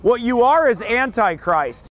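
A man's voice: very high voice, big pitch swings, measured pace. A man preaching outdoors on a city street, rebuking someone insistently and repeating his questions. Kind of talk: open-air confrontational preaching. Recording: outdoor street clip with crowd noise.

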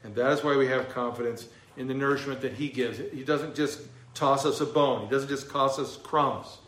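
A man's voice: medium pitch, fairly even intonation, normal speed, a bit bright. A pastor preaching an expository sermon in a conversational way, asking rhetorical questions of his congregation. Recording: echoey room.

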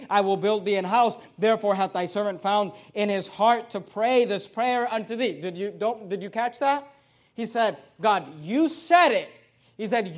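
A man preaching a sermon as pastor, reading scripture aloud and stressing its words with emphasis. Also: high-pitched. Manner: emphatic preaching with Bible quotations.

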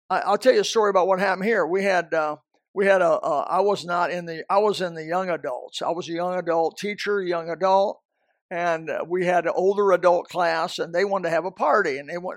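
A man's voice: high-pitched, vocal fry, no echo, clean studio sound. A man preaching a sermon as a pastor, emphatic and repetitive, often restarting his sentences.

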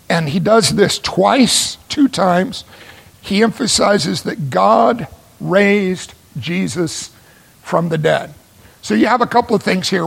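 A man delivers a sermon in a high voice with a gravelly edge and a husky grain. He drives points home by repeating phrases and posing rhetorical questions. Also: a bit bright. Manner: emphatic, repeats phrases for stress. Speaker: preacher.

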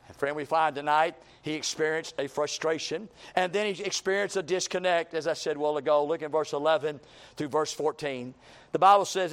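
A man preaching a sermon, reading scripture in an old-fashioned cadence and swinging between impassioned shouts and low, quiet passages. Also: fairly quick, clean tone. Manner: rising to impassioned shouts, then dropping low.

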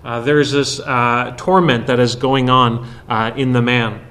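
A man preaching an expository sermon, explaining a Bible passage verse by verse with frequent pauses. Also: mid-range voice, fairly even intonation, a bit bright.

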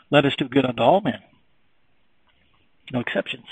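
A man preaching a sermon, emphatic and repetitive, swinging between quiet reflection and raised, insistent passages. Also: medium pitch, creaky, husky, no room sound, poor audio.

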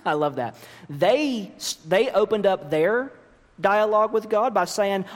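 Slow, emphatic male preacher in a hall. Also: high-pitched, sing-song. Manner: earnest preaching with emphatic rises. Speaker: pastor. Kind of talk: sermon. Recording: long reverb of a large hall.

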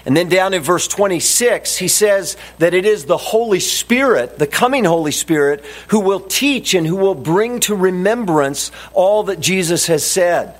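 A man preaching a sermon as a pastor, deliberate and emphatic, repeating his key phrases. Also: high voice, animated.

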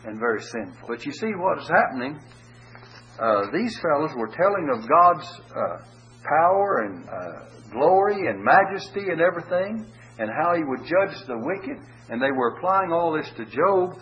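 An older man teaching from the Bible, reading verses slowly, then putting them in plain folksy words. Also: fairly high pitch, big pitch swings. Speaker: preacher. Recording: dull lo-fi recording with faint hum.

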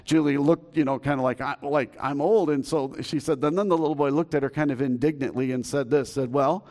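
Speaking fast with a warm tone, this fifty-something pastor has a medium-pitched voice and fairly even intonation. His church sermon is full of folksy, joking stories and frequent restarts, delivered in the sanctuary.

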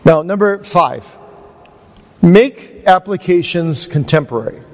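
A man's voice: high voice, expressive, takes it slowly, a little mellow. A man giving a conversational, anecdotal teaching sermon at a seminar, speaking with a self-deprecating manner. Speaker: preacher at a seminar. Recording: long hall reverb.

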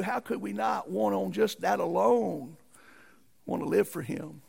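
Gravelly preacher, man. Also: high-pitched, measured pace, darkish tone. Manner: folksy, emphatic preaching with rising outbursts. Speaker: pastor. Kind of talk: sermon with folksy storytelling.

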